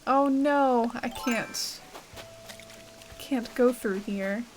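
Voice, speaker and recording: Over music and with poor audio, a young woman streaming a game chats casually and reads the chat aloud. Her voice is on the high side and she draws out her words, rambling with plenty of "like" and "uh."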